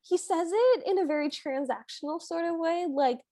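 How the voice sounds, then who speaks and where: A woman's voice: extremely high pitch, moderate pace, mellow. A young adult woman co-hosting a podcast, chatting enthusiastically about a film and laughing easily. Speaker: podcast co-host. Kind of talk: casual recap chat.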